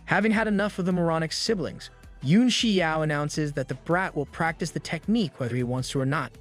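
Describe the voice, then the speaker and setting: Slangy male manga recap narrator. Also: a little high. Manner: brisk recap delivery, slipping in slangy jokes. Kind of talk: scripted narration with quick asides. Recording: voice-over over soft background music.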